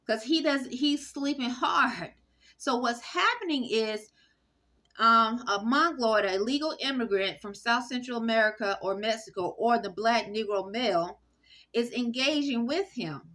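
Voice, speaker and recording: Woman, bright tense voice, casual monologue, halting, lots of restarts. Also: on the high side. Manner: rambling, halting, with frequent fillers and restarts.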